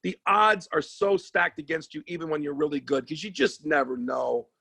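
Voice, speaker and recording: Animated, profane man telling stories. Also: a little high, moderate pace, creaky, breathy edge, dry recording. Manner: animated, profane, lots of restarts. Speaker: sports agent and comedian, podcast guest. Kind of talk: casual storytelling chat.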